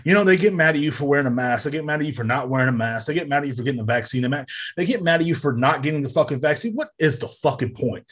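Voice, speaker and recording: A man's voice: fairly high pitch, expressive, rapid-fire, few pauses, a bit bright, slightly rough. A man hosting his own podcast from home, ranting casually with lots of swearing and filler words. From United States. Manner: profane, rambling, frequent fillers. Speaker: podcast host. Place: home room near a street. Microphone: desk microphone.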